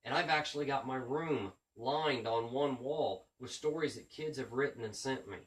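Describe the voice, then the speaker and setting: In a mid-range voice at a moderate pace, a man who writes children's books recounts his school visits in a relaxed storytelling monologue. He brings his classroom banter with kids to life animatedly, and the audio sounds roomy, picked up from a distance.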